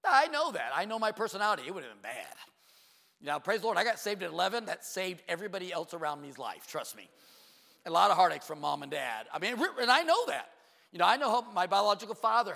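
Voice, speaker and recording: A middle-aged male pastor preaching with a lively, swooping high voice that turns gravelly in places. He throws out rhetorical questions and quick asides, then drops low for emphasis. The sound carries the long reverb of a church hall. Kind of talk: sermon. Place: church sanctuary.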